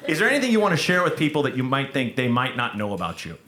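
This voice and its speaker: A man hosting a live podcast onstage, rambling and stumbling over his words, quick to laugh. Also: medium pitch, wildly swooping pitch, reverberant, noisy background. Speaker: podcast host. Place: stage at a comedy festival.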